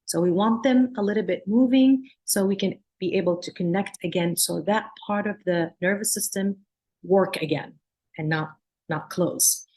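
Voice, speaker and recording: Teaching a workshop at a moderate pace, a woman psychologist and lecturer speaks in a mid-range, slightly mellow voice. She is from Palestine but grew up in Jordan. Earnest and explanatory, she demonstrates soothing sing-song tones.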